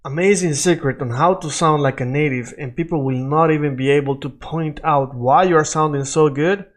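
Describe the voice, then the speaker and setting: A man from Latin America runs a loose, improvised Spanish lesson, his voice sitting a little higher than most men's. He coaches pronunciation by stretching out sounds and repeating them slowly for the learner to copy. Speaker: Spanish teacher.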